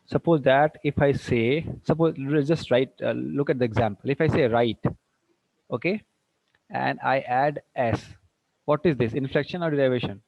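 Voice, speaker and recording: A man runs an English grammar lesson, firing questions at his students and checking they follow. His voice sits at an ordinary pitch. The recording is dull and dry, as if from a classroom camera. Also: normal speed, creaky, a little mellow, no echo. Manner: quizzing students with frequent check-ins, mixing in Hindi. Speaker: English teacher.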